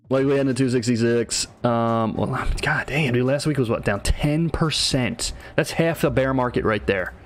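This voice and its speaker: A man giving live market commentary on a livestream, talking in a casual, slangy way and often tossing in "right?". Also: medium pitch.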